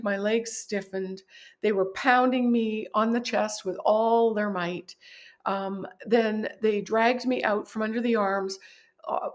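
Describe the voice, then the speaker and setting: A woman guest on a podcast, telling a personal story in a vivid, animated way and often laughing at herself. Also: a little high. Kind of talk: personal storytelling in a conversational interview.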